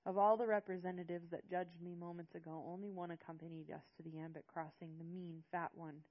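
A woman narrating a first-person audiobook in a hushed, sorrowful manner. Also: lowish voice, level tone, brisk, dull audio.

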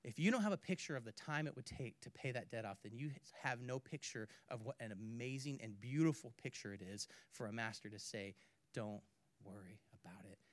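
A man preaching a sermon, swinging from hushed to loud and back, with playful asides. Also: medium pitch, animated, fairly quick, few pauses, no room sound. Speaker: pastor.

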